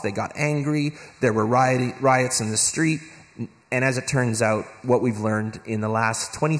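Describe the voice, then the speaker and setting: A man giving a convention talk, animated, acting out quoted voices, with many restarts. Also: mid-range voice. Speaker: guest of honour speaker. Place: convention hall. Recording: long hall reverb.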